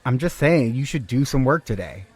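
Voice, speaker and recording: A man's voice: mid-range voice, animated, normal speed, slightly rough, soft background music. A man putting on the voice of a smug male coworker, mocking and needling in a storytelling podcast.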